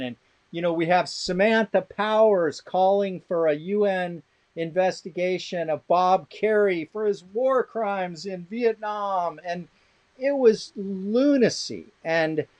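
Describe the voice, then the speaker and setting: Middle-aged male expert guest; sardonic anecdotal talker, slightly high voice. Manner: rambling anecdotal storytelling with restarts; blunt and sardonic. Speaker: guest expert on law of armed conflict. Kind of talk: casual interview conversation.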